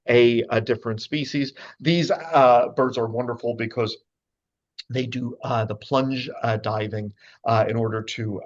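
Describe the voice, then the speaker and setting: A man's voice: medium pitch, vocal fry, dull audio. A man giving a casual, chatty lecture with slides to a group of birders, full of fillers and playful asides. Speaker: speaker giving a talk to birders.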